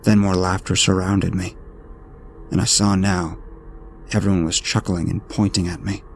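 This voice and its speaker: A man narrating a horror story in a steady, ominous storytelling manner. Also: low voice, normal speed. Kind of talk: scripted narration. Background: faint music.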